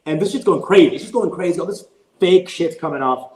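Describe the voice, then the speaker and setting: A man's voice: fairly high pitch, fast talker, roomy sound, low-quality recording. A man, a comedian, casually telling a rambling, profane story in a podcast conversation. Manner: rambling, profane, animated retelling. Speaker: guest comedian.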